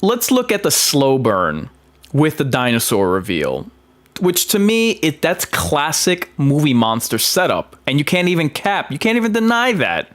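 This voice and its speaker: A man's voice: a little high, huge pitch swings, unhurried, fairly bright tone. A man giving casual film commentary, emphatic, with frequent fillers and restarts. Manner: emphatic, with many ums and restarts.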